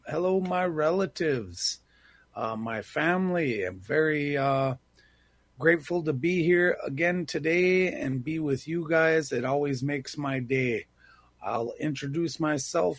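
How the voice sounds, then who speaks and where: A man's voice: on the high side, a little slow, no echo. A man speaking earnestly as a guest on a talk program. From Bad River, Wisconsin. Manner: earnest, heartfelt. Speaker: guest, civic engagement manager. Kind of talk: radio interview.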